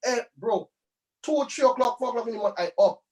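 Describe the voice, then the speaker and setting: Male musician guest with a high voice, loose chatty storyteller, recorded a bit far from the mic. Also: animated, fast, a little mellow. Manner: loose, rambling, with many tag phrases. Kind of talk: casual storytelling interview.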